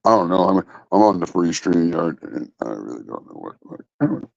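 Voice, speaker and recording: A lowish, gravelly male voice swinging widely up and down as he rants in a blunt, profane, rambling way. He hosts a casual livestream from his phone, and the sound is dull, lo-fi and dry. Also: very animated, brisk, darkish tone, no room sound. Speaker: livestream host.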